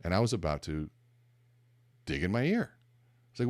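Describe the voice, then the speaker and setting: A man hosting a podcast, giving a motivational talk and telling an animated story with acted-out dialogue. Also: sits low, normal speed, no echo. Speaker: podcast host.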